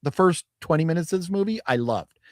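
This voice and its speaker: A male podcast co-host with a slightly high, expressive voice talks at a quick pace. He chats casually about a movie, rambling, restarting and laughing along the way. Studio quality, no room sound.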